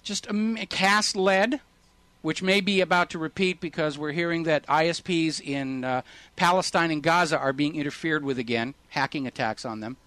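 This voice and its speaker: High-voiced, sarcastic talk radio host. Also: male voice, normal speed, sharp tone, no room sound. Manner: indignant, sarcastic, emphatic. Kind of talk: political talk radio commentary.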